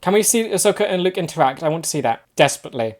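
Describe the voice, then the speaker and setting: Excitable man reacting to a show. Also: a little high, music in the background. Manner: excitable, thinks aloud with rapid questions. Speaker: reaction video host. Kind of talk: casual reaction commentary.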